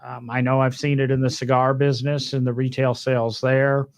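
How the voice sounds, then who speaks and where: A man's voice: mid-range voice, level tone, fairly quick, clear, resonant tone, dry recording. A man co-hosting a podcast, chatting casually in a rambling way with fillers and joking asides. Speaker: podcast co-host. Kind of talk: casual chat.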